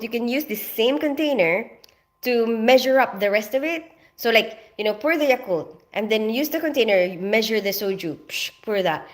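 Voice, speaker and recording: A woman's voice: on the high side, fairly bright tone. A middle-aged woman from the Philippines, hosting a casual livestream from her kitchen and greeting viewers by name as she chats. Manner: chatty, reads out viewer comments and greets them by name. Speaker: livestream host. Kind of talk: casual live chat. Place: home kitchen.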